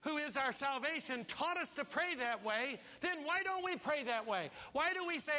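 Male pastor, animated sermon storyteller, very bright tone, reverberant church hall. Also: very high voice, normal speed, few pauses. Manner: animated storytelling, acts out voices. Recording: long reverb of a large hall.

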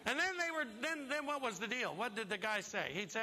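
Male pastor, animated sermon storyteller, very bright tone, reverberant church hall. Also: very high-pitched, a little fast. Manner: animated storytelling, acts out voices. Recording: long reverb of a large hall.

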